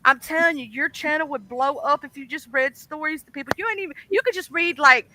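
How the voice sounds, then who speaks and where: A man's voice: very high voice, a little fast, pushed and bright, a little hiss or hum, low-quality recording. A man hosting a casual livestream, talking emphatically in slangy, repetitive bursts. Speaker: livestream host.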